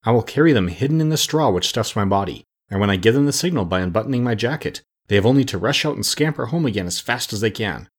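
A man's voice: lowish voice, lively intonation, fast, hardly any pauses, breathy edge. A man voicing a kindly, polite male scarecrow who speaks earnestly.

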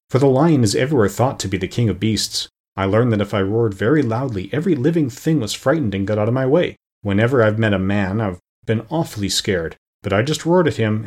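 A giant, cowardly lion from a storybook, plaintive and forlorn, turning loud when he protests, as voiced by a male narrator. His voice is husky and low. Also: close to an everyday voice. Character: huge timid male lion, sad and self-pitying.

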